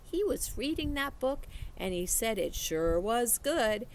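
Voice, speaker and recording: A woman voicing an elderly woman librarian in a read-aloud storybook, telling her tale in a slow, warm storytelling drawl. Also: fairly high pitch, sing-song, a little hiss or hum, pitched above the performer's own voice, poor audio. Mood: gentle storytelling.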